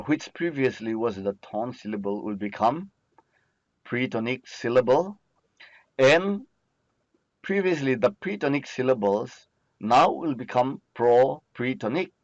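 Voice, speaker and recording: A man's voice: mid-range voice, no echo. A man teaching a recorded lesson, patiently asking questions and answering them himself. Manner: slow, patient, asks and answers own questions. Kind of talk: recorded lecture. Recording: dry, muffled lo-fi voice recording.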